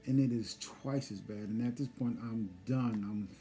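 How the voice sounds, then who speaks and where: Husband in a testimony chat, very dark mellow voice, quiet and emotional. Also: male voice, medium pitch, fairly even intonation, moderate pace, soft background music. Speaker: husband sharing loss story. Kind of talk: personal testimony conversation.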